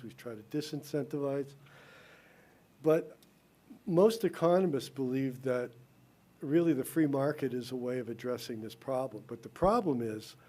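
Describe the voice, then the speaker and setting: A man with a slight lisp speaks at a town council podium in a soft, mellow tone. His delivery is earnest and explanatory, and he often restarts his phrases. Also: mid-range voice. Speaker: resident giving public comment. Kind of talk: public comment at a town council meeting. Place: town council meeting room.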